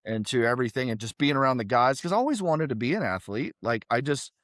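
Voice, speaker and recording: Middle-aged man, podcast guest, lively storyteller who voices the people he quotes, mid-pitched, dry mic. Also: fast, dry recording. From South Carolina, USA. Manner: animated, acts out quoted voices. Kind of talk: casual storytelling.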